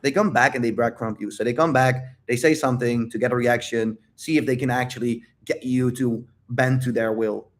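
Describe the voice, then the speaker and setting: A man's voice: mid-range voice, fairly even intonation, fairly quick, few pauses. A man holding a livestream Q&A as a dating coach, talking straight to his viewers in an emphatic, repetitive way and swearing freely. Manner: addresses viewers directly.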